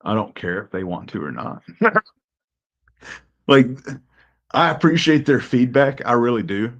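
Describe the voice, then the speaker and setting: A man's voice: mid-range voice, big pitch swings, unhurried, muffled recording. A man with a Texan accent hosting a casual live-stream chat, rambling, laughing often and getting worked up. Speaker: host.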